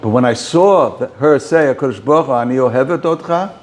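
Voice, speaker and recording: Halting rabbi speaking informally. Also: male voice, medium pitch. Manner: halting, many repeated words and restarts. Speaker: rabbi giving a talk. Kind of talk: informal talk to a small group.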